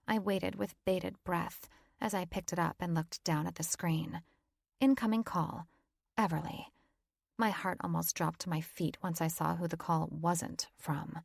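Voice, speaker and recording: A woman's voice: fairly low pitch, vocal fry, no echo, studio quality. A woman narrating a romance audiobook in the first person, wry, self-mocking and casually profane.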